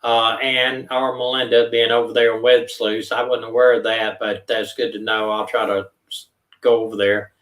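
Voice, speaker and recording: Brief: male live-stream host, relaxed and rambling, heard from off-mic in a roomy space. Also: on the low side, normal speed, far from the mic. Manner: easygoing, rambling with many fillers. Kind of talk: casual live stream sign-off. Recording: echoey room, voice off-mic.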